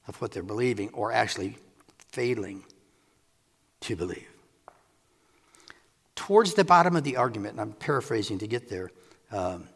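A man preaching a sermon to a congregation, animated and quick to laugh as he paraphrases scripture. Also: mid-range voice, husky, long reverb tail. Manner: animated, acts out scripture quotes, laughs often.

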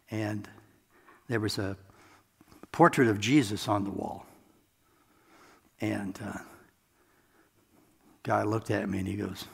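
A man preaching a sermon in a relaxed, conversational way, with self-deprecating asides, in a church sanctuary. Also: lowish voice, creaky, husky. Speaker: pastor. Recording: long hall reverb.

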